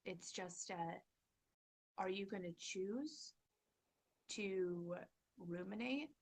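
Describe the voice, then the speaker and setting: A woman's voice: on the low side, slow. Earnest woman giving a motivational talk. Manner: earnest, acts out her own inner dialogue in quotes. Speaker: parenting channel host. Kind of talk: casual motivational talk to camera.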